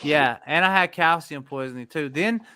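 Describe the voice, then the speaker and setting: A man's voice: a little high, moderate pace, crowd noise. A man hosting a casual live stream, rambling and losing his train of thought. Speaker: stream host. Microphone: streaming setup.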